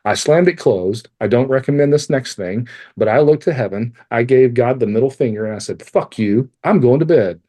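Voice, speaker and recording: Talking fairly quickly with few pauses, a medium-pitched man in his forties tells a podcast audience a personal story as their guest. The life coach is frank and animated, cursing freely and ribbing himself.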